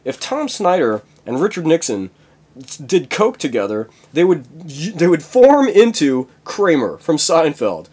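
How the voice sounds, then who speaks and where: A man's voice: on the high side, wildly swooping pitch, measured pace, darkish tone, breathy edge. A man rambling through a comic monologue, full of fillers and chuckling at his own jokes.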